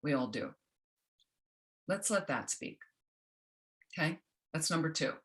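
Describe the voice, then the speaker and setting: A woman teaching a self-compassion workshop, gentle and instructional, often checking in with the group. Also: sits low, animated, a little slow. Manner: gentle, keeps checking in with "okay?".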